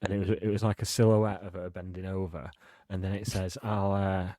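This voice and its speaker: A man with a lowish voice tells wry anecdotes on a comedy podcast. He speaks close to a dry, intimate mic. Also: little pitch movement, fairly quick, warm tone, dry recording. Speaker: podcast co-host. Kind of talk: casual comedic banter.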